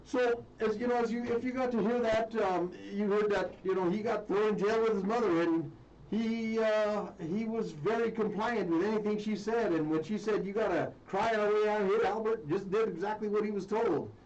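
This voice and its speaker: A man's voice: high-pitched, moderate pace, a little mellow. A man hosting a live radio stream, casual and a little fumbling with the equipment, apologizing to listeners. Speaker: radio show host. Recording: distant, muffled, faint noise.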